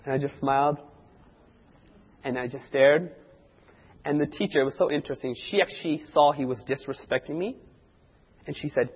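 Husky-voiced man preaching in a hall. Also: mid-range voice, brisk, long pauses. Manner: animated storyteller acting out quoted voices. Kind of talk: sermon testimony storytelling. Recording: dull lo-fi recording in a reverberant hall.

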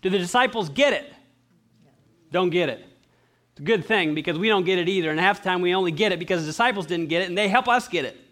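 A man preaching a sermon, animated and acting out the voices of the people he quotes. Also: sits high, fast. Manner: clears throat often.

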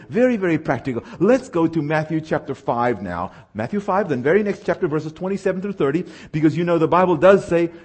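Man, preacher, sermon, animated, husky. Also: fairly high pitch. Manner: animated, asks the audience questions.

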